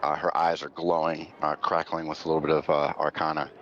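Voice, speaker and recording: A low-voiced man narrates a tabletop game as game master, rambling through fillers and restarts. The sound is muffled and lo-fi. A faint hiss sits under it. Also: flat delivery, brisk, fairly bright tone. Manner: rambling, many fillers, laughs often. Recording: dull lo-fi audio.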